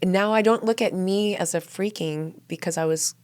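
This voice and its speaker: Candid woman guest, lowish voice. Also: normal speed, darkish tone, clear, resonant tone. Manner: candid, earnest, laughs while telling stories. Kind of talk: interview conversation. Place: studio.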